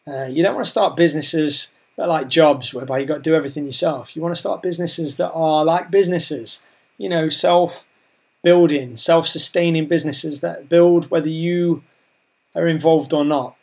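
A man's voice: fairly high pitch, fairly even intonation, moderate pace, creaky, darkish tone. A man talking casually about his online business plans, rambling and repeating himself as his voice starts to give out. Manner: rambling, chatty, repeats words and restarts. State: losing his voice. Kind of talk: casual talk to camera.

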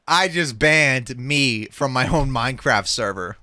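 Excitable young man narrating gameplay. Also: mid-range voice, no echo, clean studio sound. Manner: excitable, jokey, quick reactions. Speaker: gaming YouTuber. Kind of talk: Minecraft gameplay commentary. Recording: faint music behind the voice.

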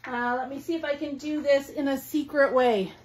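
A woman's voice: high voice, fairly even intonation, moderate pace, slight background noise. A middle-aged woman who owns a craft store, hosting a casual live stream, chatty and effusive as she reads viewer comments aloud. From Canada.

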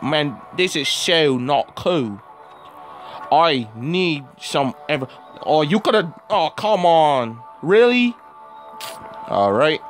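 A man hosting a gaming video who has a cold, giving casual gameplay commentary and yelling and groaning at the game. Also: a little high, slow pace, soft background music. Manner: excitable, yells and groans at the game. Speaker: gaming channel host.

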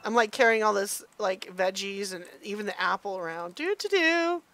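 A middle-aged mom chatting excitedly through a let's play, gasping and squealing as she goes. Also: mid-range voice, normal speed, dry recording. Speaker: gamer mom playing a game.

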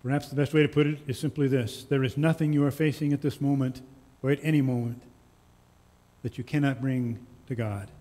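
A male pastor preaching in a church, slow and earnest, with lines that trail off softly. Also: mid-range voice, fairly even intonation. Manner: slow, earnest storytelling with soft, quiet endings. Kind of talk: sermon. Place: church sanctuary. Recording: long church reverb.

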